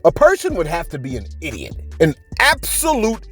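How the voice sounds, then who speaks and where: A man with a husky, slightly raised voice talks straight to his viewers in loose gossip commentary. His pitch swings all over the place, and he keeps repeating himself ("look, look") and throwing asides at the audience. Faint music plays underneath. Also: normal speed. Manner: animated, repeats words, rhetorical asides to viewers. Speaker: celebrity gossip channel host. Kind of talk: casual gossip commentary to camera.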